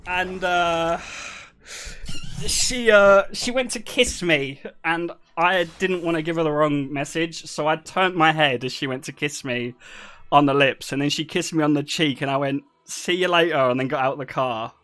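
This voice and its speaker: A young man telling stories to his live chat, animated and self-deprecating and laughing often. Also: fairly high pitch, normal speed, smooth. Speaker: streamer. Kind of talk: casual storytelling to a live chat.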